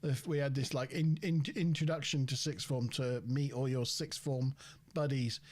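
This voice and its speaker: An English man co-hosting a casual live podcast, a laughing storyteller who pauses often with fillers. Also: mid-range voice, steady tone, a little mellow. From England. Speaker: podcast co-host.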